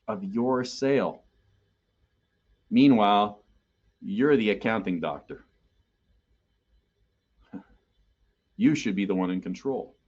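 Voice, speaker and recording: A man's voice: fairly low pitch, lo-fi sound. A man presenting a sales training webinar in a conversational way, often checking in with listeners. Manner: conversational, keeps checking in with "okay?".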